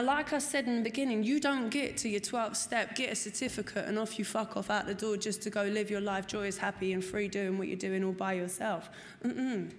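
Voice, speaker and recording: Woman, fairly high voice, earnest and blunt testimony with swearing, long hall reverb, faint room ambience. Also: a little hiss or hum. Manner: earnest and candid, swears freely, repeats for emphasis. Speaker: speaker sharing at a recovery meeting. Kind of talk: personal testimony to a group. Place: meeting room.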